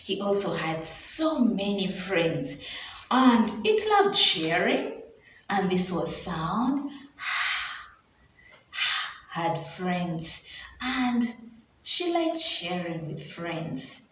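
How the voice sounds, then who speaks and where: A woman's voice: medium pitch, sing-song, a bit bright, far from the mic, slight background noise. A woman with a Ugandan English accent, a preschool teacher telling a story to children in a phonics lesson. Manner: slow, drawn-out sounds, storytelling to children. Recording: echoey room, voice off-mic.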